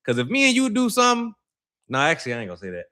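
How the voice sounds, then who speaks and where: A man talks straight to his viewers in loose, slang-heavy commentary and acts out every quote as he tells the story. His voice sits high and swings up and down as he goes. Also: wildly swooping pitch, rapid-fire, sharp tone. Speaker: channel host. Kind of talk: casual commentary to camera.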